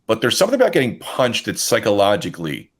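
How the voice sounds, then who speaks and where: A man co-hosting a podcast, telling a profane, animated story in casual chat. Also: on the low side, fast. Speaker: podcast co-host.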